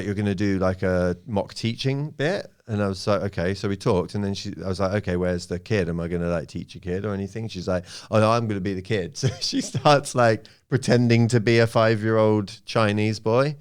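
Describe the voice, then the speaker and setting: Deep-voiced man telling rambling stories. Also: clean tone. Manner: rambling, self-mocking storyteller. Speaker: guest comedian. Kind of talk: casual podcast chat. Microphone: studio microphone.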